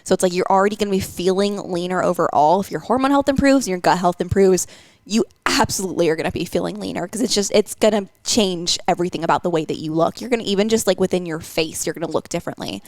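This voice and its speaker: A woman's voice: lowish voice, quick pace, dry recording. A woman hosting a podcast as a nutrition coach, talking casually with many fillers. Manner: chatty, lots of fillers.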